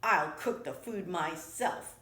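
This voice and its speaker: A woman's voice: lowish voice, slow pace, fairly bright tone. A woman voicing a fussy, hard-working female iguana in a storybook reading, with a bossy, exasperated manner. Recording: echoey room.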